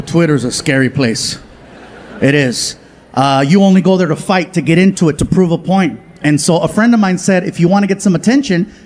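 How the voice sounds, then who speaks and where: Animated stand-up comedian, high voice. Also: male voice. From Southern California. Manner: animated, acts out family and friends in quick voice switches. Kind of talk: stand-up storytelling. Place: comedy stage before a live audience.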